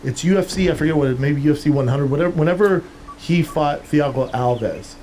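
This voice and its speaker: A man's voice: on the high side, a little fast, dark tone. Casual storytelling man, faint room hiss. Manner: storytelling, swearing, acts out quotes. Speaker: podcast co-host, former fighter. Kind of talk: casual chat.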